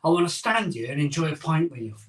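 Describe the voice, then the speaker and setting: A man's voice: fairly high pitch, big pitch swings, fast. A middle-aged man hosting a casual live stream from his conservatory, chatting and reading out viewer comments in a jokey, sleepy way. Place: home conservatory. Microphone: phone camera.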